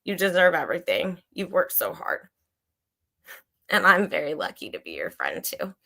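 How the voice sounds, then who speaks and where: A channel host in her forties runs a casual livestream chat in a deep voice with huge pitch swings, vocal fry, and a sharp tone at normal speed. She speaks candidly and emotionally to her viewers, swearing freely and rambling.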